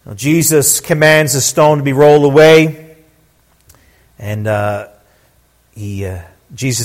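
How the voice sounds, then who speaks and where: A middle-aged man preaching a sermon, repeating his words and swelling to loud, emphatic declarations. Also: mid-range voice, fairly even intonation, unhurried, pauses often. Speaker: pastor.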